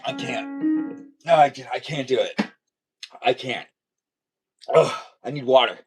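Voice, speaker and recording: A young man chatting casually on a live stream, rambling playfully from topic to topic and now and then breaking into high squealing calls. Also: a little slow, breathy edge, faint music behind. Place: home studio near a garage.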